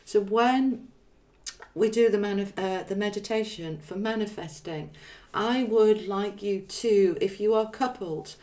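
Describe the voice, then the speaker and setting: A woman's voice: medium pitch, measured pace, dark tone. A chatty woman hosts a live stream in a mid-range voice. She reads viewer comments aloud, laughs easily and shifts into earnest, encouraging teaching. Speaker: live-stream host and spiritual reader.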